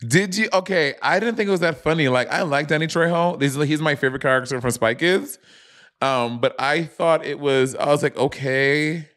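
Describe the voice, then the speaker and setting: A man's voice: on the high side, normal speed, a bit bright. A man co-hosting a casual review podcast over a video call, sassy and opinionated. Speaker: podcast co-host.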